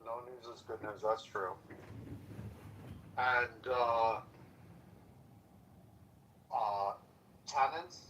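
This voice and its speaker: A man on a phone call asking short, quiet questions. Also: medium pitch, drawn-out words, pauses often, recorded from a distance, a little hiss or hum. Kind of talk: casual phone chat.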